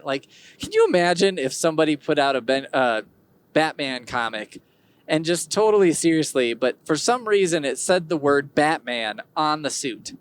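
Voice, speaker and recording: Lively, rambling male podcast host. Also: fairly high pitch, normal speed, clear, resonant tone. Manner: rambling, digressive, wry humor. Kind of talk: casual solo podcast monologue.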